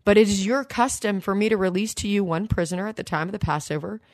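A woman voicing a questioning, uneasy Roman governor in a measured scripture reading. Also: medium pitch, no room sound, studio quality, pitched above the performer's own voice, lightly acted.

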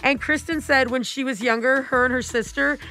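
A woman's voice: sits high, steady tone, moderate pace, pushed and bright. A woman co-hosting a casual radio show, bubbly and laughing as she tells stories to callers. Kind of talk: casual morning radio chat.

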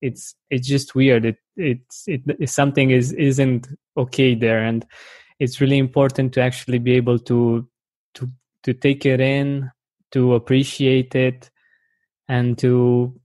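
A man's voice: mid-range voice, level tone, unhurried, a little mellow, dry recording, clean studio sound. A man hosting a podcast interview, agreeing with his guest and searching for words as he adds his own thoughts. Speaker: podcast host. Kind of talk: conversational interview.

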